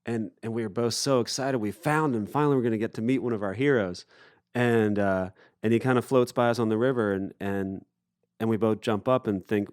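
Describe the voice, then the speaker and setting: A man from Appalachia, a musician telling a story in a casual interview, relaxed and full of fillers. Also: lowish voice, brisk, no room sound, clean studio sound. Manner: relaxed anecdotal, with fillers and acted-out quotes. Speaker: musician guest. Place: festival recording booth.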